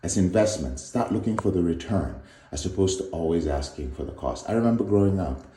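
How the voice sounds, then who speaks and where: A man with a deep, very dark and mellow voice gives an earnest motivational talk, animated and storytelling. His voice rings around an echoey room. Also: brisk, a little hiss or hum. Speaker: recovery coach.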